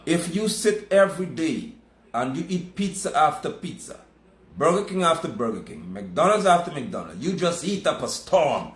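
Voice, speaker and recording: A man's voice: a little high, big pitch swings, moderate pace, reverberant. A man preaching a sermon, emphatic and scolding, repeating his points.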